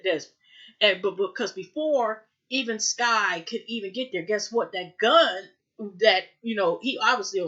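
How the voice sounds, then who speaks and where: A woman's voice: mid-range voice, fairly bright tone. A woman recapping a TV episode in casual chat, rambling with many fillers and acting out the characters' lines. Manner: rambling, heavy fillers, acts out dialogue. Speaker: TV recap reviewer. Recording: muffled lo-fi home recording.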